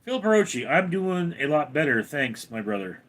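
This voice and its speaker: A man's voice: big pitch swings, normal speed. A man live streaming from home, reading viewer names aloud and answering them in a casual chat. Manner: reads viewer names out loud, then answers in a lower voice.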